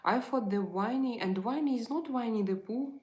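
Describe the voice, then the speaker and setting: A woman, chatting frankly on a live stream and answering viewer comments, halting often to restart her sentences. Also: fairly high pitch, darkish tone. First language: Russian.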